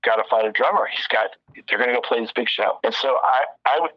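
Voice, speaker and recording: This is a man at mid pitch, spinning a long, loose story as a guest, doubling back on himself and cursing freely as he goes. His voice comes through a dull, muffled, lo-fi connection. The sound is dry with no room around it. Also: fast, no echo. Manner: rambling, animated anecdote-telling with frequent restarts and profanity. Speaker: recording engineer and producer, guest. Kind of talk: casual storytelling interview.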